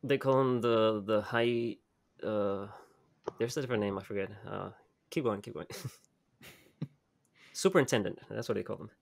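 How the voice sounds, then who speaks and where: A man with a fairly low voice chats loosely about a film. He hedges as he goes and often isn't quite sure of the details. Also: normal speed, gravelly, long pauses. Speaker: podcast co-host. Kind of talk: casual movie-discussion chat.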